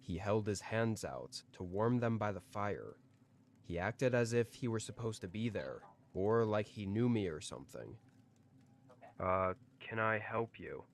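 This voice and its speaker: A man calmly reading out a scripted first-person horror story. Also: fairly low pitch, moderate pace, a little hiss or hum.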